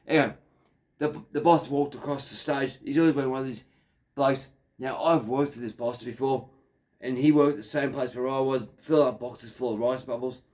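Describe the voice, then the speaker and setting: A man's voice: mid-range voice, fairly even intonation, moderate pace, a little mellow. A man in his fifties with an Australian accent, telling a crude, digressive story in a rambling monologue. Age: 50s. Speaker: factory worker.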